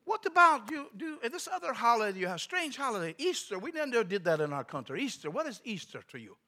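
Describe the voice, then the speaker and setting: A man's voice: extremely high pitch, big pitch swings, fast, bright, forceful tone, voice pushed up, heavily acted. A man voicing a blunt former KGB man from abroad who speaks broken English and asks puzzled questions. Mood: amused, incredulous.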